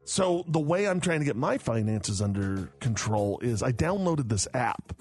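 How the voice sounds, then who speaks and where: A man's voice: medium pitch, expressive, normal speed, a little mellow, soft background music. A man hosting a morning radio show, chatting casually and joking with his co-host. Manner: joking, stammers and laughs a lot.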